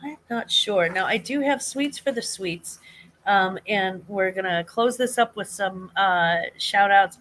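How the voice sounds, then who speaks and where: An older woman, a grandmother, hosting a casual live chat, rambling warmly with many fillers, restarts and frequent laughs. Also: medium pitch, unhurried. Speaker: livestream host.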